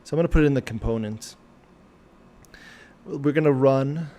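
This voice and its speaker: A man streaming live as he programs, thinking aloud and questioning himself in halting, muttered phrases. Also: mid-range voice, warm tone.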